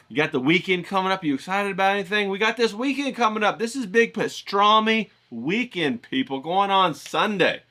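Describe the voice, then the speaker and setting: A man's voice: high voice, brisk, hardly any pauses, bright, forceful tone, soft background music. A man giving a casual motivational pep talk to his viewers, hyped and coaxing, with slangy repeated phrases. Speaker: motivational vlogger.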